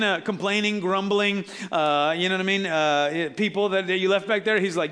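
A man preaching with a high, ringing voice that stays near the top of the male range. He talks to the congregation in a casual, joking way and slips into little voices for the people in his Bible stories. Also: quick pace. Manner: conversational and animated, acting out Bible characters with casual asides. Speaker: pastor. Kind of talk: sermon.

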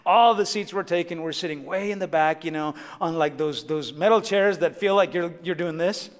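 A middle-aged man preaching a sermon as a chatty, animated story with many asides to the congregation. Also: fairly high pitch, normal speed. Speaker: pastor. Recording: long hall reverb.

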